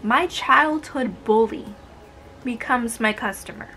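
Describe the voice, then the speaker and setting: A woman's voice: a little high, slow, pushed and bright, a little hiss or hum. A woman in her twenties telling stories about her retail job in a casual, exasperated, sarcastic way. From United States. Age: 20s. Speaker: vlogger telling work stories. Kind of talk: casual storytime narration.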